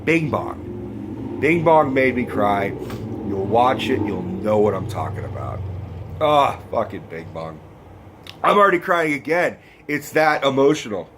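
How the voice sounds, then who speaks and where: A man's voice: medium pitch, a little hiss or hum. A man giving a casual, rambling film review, swearing freely and getting emotional. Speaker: movie review vlogger.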